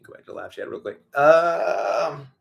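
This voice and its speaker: A man's voice: fairly high pitch, expressive, a little slow, creaky, fairly bright tone. A man hosting a casual livestream Q&A about his farm, blunt and profane, laughing as he tells stories. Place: farm in Virginia.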